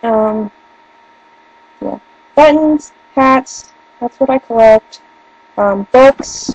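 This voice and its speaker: A young woman with a northern US accent chats casually, rambling and giggling as she goes. Her voice sits a little high. The sound is dry, with no room echo. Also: extremely slow, darkish tone. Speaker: vlogger. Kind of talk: casual chat. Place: room at home by a bookshelf.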